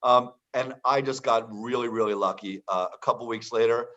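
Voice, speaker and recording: A man's voice: mid-range voice, fairly even intonation, moderate pace, a bit bright. A man telling a casual story in conversation, acting out the lines of the people in it. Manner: chatty storytelling with quoted dialogue. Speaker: entrepreneur guest. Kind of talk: casual anecdote. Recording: dull lo-fi sound.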